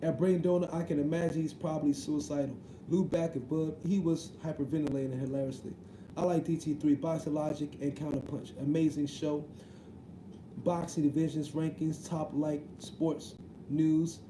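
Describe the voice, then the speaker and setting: A man's voice: a little high, flat delivery, normal speed, roomy sound, background noise. A man, hosting a casual live stream, reading chat messages and joking around with a slangy, easygoing way of talking. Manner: joking, slangy, repeats "you know what I mean". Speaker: livestream host reading chat.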